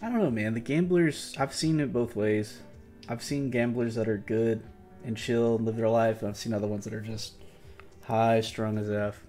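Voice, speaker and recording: A man's voice: on the low side, steady tone, normal speed, mellow, faint music behind. A tired man hosting a casual livestream market review, talking loosely with slang and restarting his sentences. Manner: rambling, loose, self-correcting, slangy. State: tired and yawning. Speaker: crypto market stream host.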